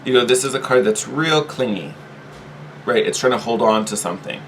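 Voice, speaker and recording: A man giving a casual, chatty tarot reading, animated and quick to laugh, often repeating himself. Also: mid-range voice, slight background noise, low-quality recording. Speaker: tarot reader.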